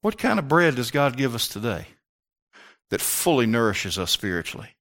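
A man preaching a sermon with passion, rising to near-shouts and firing rhetorical questions at the congregation. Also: mid-range voice, big pitch swings, moderate pace. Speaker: pastor.

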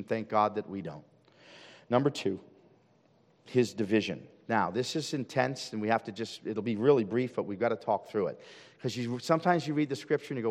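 A male pastor preaching a sermon at a church service. He asks his listeners question after question and swings from loud, emphatic calls down to hushed, intense lines. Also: mid-range voice, big-room sound. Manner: asks the congregation rhetorical questions.

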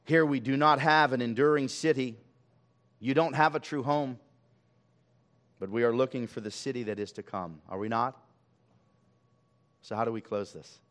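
A male pastor preaching a sermon, swelling loud on key lines and dropping to a hush. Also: medium pitch, moderate pace, long pauses.

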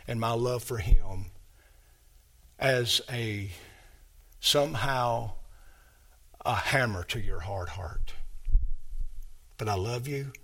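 A man in a sermon voicing a meek wife who gently pleads with her husband, speaking softly and low. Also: exaggerated voice.

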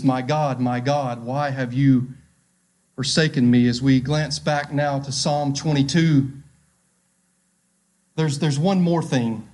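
A man's voice: fairly high pitch, a little mellow. A man preaching a sermon, emphatic and repeating his key phrases, reading scripture aloud with drama.

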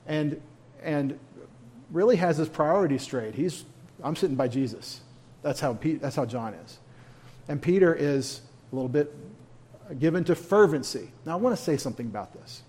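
A man's voice: fairly high pitch, a little mellow. A man leading a church Bible study in a folksy, conversational way, with humorous asides.

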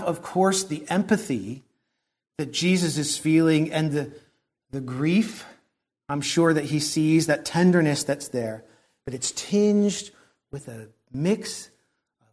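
A man preaching a sermon in an earnest, reflective way, often dropping to a soft hush. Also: a little high.

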